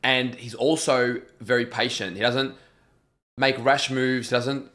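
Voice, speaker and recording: A man co-hosting a relaxed reaction video at an ordinary mid pitch. He rambles, restarts his sentences and swears freely as he talks through an episode. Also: unhurried. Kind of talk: casual chat reacting to a TV show.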